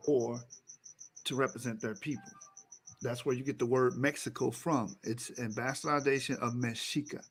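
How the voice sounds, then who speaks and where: A man's voice: fairly even intonation, normal speed, husky. A man presenting slides as co-host, lecturing in an emphatic way and repeating key words. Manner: emphatic, repeats key words, rises in pitch when driving a point home.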